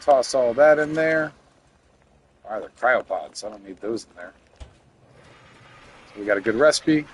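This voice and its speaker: A man's voice: medium pitch, unhurried, long pauses, fairly bright tone, a little hiss or hum. A young man streaming a game at home, chatting casually and joking with his chat. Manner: rambling, jokey, talks to chat. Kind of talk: casual live-stream chat while playing.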